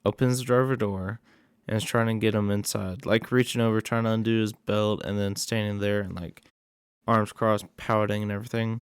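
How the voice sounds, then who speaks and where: A man's voice: on the low side, flat delivery, normal speed, clean tone, dry recording, studio quality. A man casually recapping a horror movie plot in a rambling way, with many fillers and asides.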